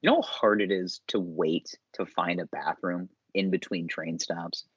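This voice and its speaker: A man's voice: low voice, fairly even intonation, unhurried, breathy edge, dry recording. A young man co-hosting a podcast in loose casual chat, rambling, swearing and laughing often. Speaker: podcast co-host. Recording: dull, dry, lo-fi podcast mic.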